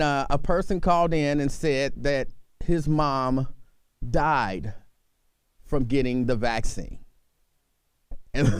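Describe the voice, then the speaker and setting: A man's voice: a little high, clean tone, no echo. A man hosting a call-in talk radio show, chatting loosely and repeatedly breaking into laughter at a studio microphone.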